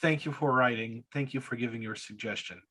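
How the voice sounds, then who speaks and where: A man's voice: mid-range voice, brisk, bright, forceful tone, breathy edge. A man co-hosting a podcast, telling a story in a casual, hesitant way. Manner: storytelling, hesitant with many restarts. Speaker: podcast co-host. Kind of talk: casual chat.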